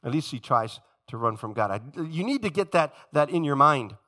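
A man preaching a sermon in church, animated and emphatic, acting out the voices of the story he retells. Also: on the high side, normal speed. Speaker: pastor. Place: church sanctuary.

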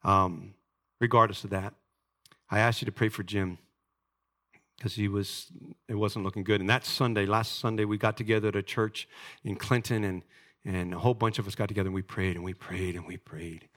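Forceful, low-voiced man preaching. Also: fairly even intonation, moderate pace. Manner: earnest, emotional preaching, directly addressing the congregation. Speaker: pastor. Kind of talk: sermon.

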